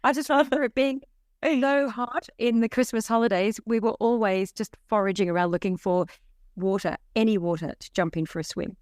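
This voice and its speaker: A woman, co-hosting a podcast in casual chat, lively and enthusiastic. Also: fairly high pitch, brisk, no room sound, studio quality. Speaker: podcast co-host.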